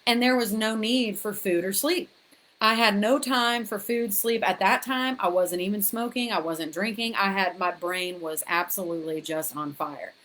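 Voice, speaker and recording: A woman's voice: mid-range voice, normal speed, fairly bright tone. A woman frankly recounting her own experiences to viewers in a chatty, direct way, often restarting and repeating words as she talks. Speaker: author sharing her story. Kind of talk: candid personal storytelling to camera.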